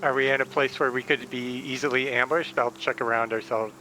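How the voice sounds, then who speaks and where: A man at a tabletop game with a bright, forceful voice. He thinks aloud in halting phrases with plenty of fillers. Faint noise sits behind him. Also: medium pitch, fairly even intonation, poor audio. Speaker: player. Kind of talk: casual play at a tabletop game.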